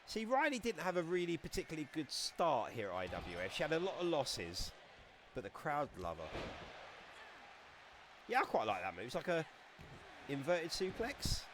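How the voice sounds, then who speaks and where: A man giving casual, excitable live-stream commentary on a wrestling game, chatting and laughing as he goes. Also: fairly high pitch, normal speed, long pauses, noisy background.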